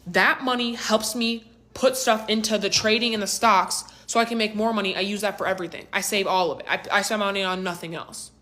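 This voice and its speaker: A man's voice: high voice, steady tone, a little fast, few pauses, pushed and bright. A woman voicing her young adult brother, who talks in casual slang and brushes off suspicion. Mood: dismissive. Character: young adult male college brother, defensive.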